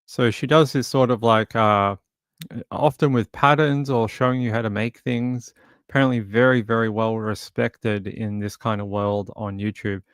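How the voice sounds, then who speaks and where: A man hosting a casual live stream, rambling and halting as he greets viewers by name. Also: fairly low pitch, fairly even intonation, no room sound, studio quality.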